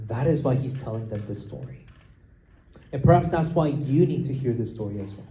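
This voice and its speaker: Male preacher, sermon, explanatory, checks in often, mellow tone, echoey room. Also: medium pitch. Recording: roomy echo.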